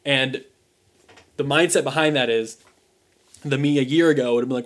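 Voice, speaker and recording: A man's voice: mid-range voice, normal speed, long pauses. A young adult man co-hosting a podcast in casual chat, rambling with many fillers. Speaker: podcast co-host.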